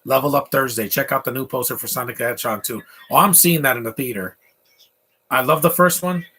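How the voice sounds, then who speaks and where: A man talks over a film he is watching at home, tossing out strong opinions and wandering asides between fillers. His voice is bright and forward, with a husky, slightly rough edge. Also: mid-range voice, a little fast. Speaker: film commentator. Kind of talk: casual live movie commentary.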